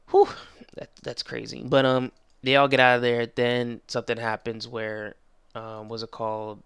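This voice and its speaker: Excitable young man with a gravelly voice. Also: mid-range voice, no echo. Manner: excitable, rambling, slangy with many restarts. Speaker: anime reviewer. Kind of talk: casual episode review.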